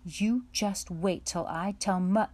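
A woman's voice: mid-range voice, steady tone, slow. A woman reading aloud, voicing a bossy older sister who scolds and nags her little brother in a raised voice. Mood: bossy, scolding. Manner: sharp, scolding, nagging.

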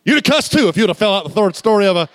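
A male pastor preaching a sermon, animated and conversational, mixing humorous storytelling with sudden loud outbursts and slow, drawn-out emphasis. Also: high-pitched, a little hiss or hum. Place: church.

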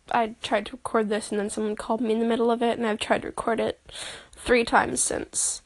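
A young woman with a slightly high voice talks into her phone, recording a personal audio diary. She sounds emotional and halting, sighing and breaking off mid-sentence as she tells her story. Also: little pitch movement. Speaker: podcaster.

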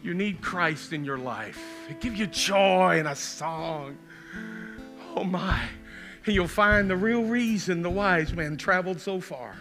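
A middle-aged male pastor preaching a sermon and making an altar call, pleading with repeated questions and rising to loud calls in a church. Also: sits high, unhurried, soft background music. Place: church sanctuary.

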